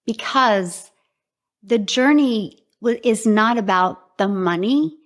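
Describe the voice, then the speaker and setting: A middle-aged woman, upbeat and emphatic, laughing often as she talks about her business and then pitches her program. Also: lively intonation, slow pace. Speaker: program founder and presenter. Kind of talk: interview then sales pitch.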